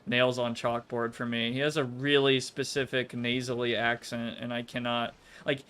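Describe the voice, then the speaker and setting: A man's voice: medium pitch, flat delivery, moderate pace, hardly any pauses, sharp tone, clean tone. A man chatting casually on a game stream, hedging and filling his sentences with "like" and "I don't know". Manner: hesitant, full of "like" and "I don't know". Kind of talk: casual chat.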